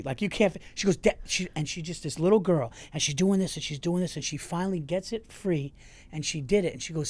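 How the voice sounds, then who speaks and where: Brief: male podcast host, slightly high voice, calm and easygoing storyteller. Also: fast talker. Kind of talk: casual podcast chat.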